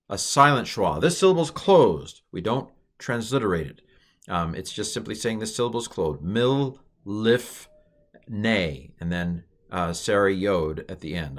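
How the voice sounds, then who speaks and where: A middle-aged man calmly explaining a language lesson in a recorded online course, with frequent ums and uhs. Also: on the low side. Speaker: Hebrew teacher.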